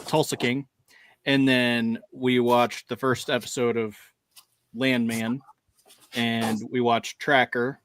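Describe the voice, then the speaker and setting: A man's voice: medium pitch, little pitch movement, takes it slowly, a bit bright, slight background noise. A man co-hosting a podcast in casual chat, rambling along, laughing often and acting out lines he quotes. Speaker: podcast co-host.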